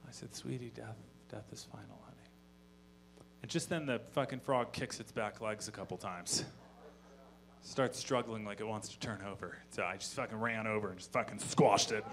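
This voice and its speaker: A man doing a stand-up comedy set on stage, telling stories in a deadpan voice with profane asides. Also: on the low side, normal speed, a little hiss or hum. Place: live comedy venue on stage.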